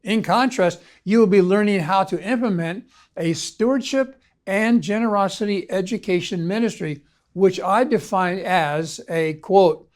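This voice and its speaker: A man, a ministry consultant, reading a scripted video lecture in a measured, formal way. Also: high-pitched. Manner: measured, formal read-aloud delivery. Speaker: ministry consultant and course instructor.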